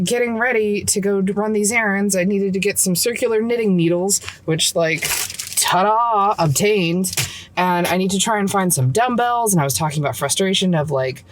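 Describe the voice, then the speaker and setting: A frustrated mom rants into her phone from the car, with a mid-pitched woman's voice. She swears freely as she vents about her hard day, tired and blunt in a casual vlog. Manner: frustrated, venting, swears a lot. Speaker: vlogger and mom. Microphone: phone camera.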